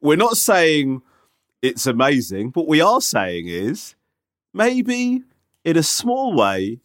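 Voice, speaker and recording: A man's voice: a little high, huge pitch swings, slow. A man co-hosting a podcast, chatting casually with enthusiastic, sweary praise. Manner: sweary, enthusiastic, hesitant fillers. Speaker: podcast co-host. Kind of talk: casual chat.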